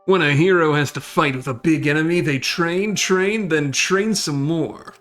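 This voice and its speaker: A man's voice: fairly high pitch, unhurried, fairly bright tone, soft background music. A man voicing a brash young guy who calls himself a hero, talking in a boisterous pep-talk way.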